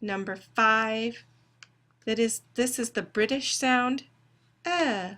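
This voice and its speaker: Woman instructor, recorded lecture: slow, deliberate delivery with a bright, crisp tone, dictating words one at a time. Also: a little high. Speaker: phonetics instructor.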